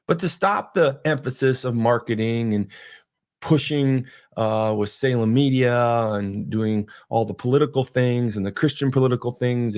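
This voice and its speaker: A man's voice: mid-range voice, creaky. A man hosting a podcast, talking earnestly and rambling through a faith monologue with frequent restarts. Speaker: podcast host.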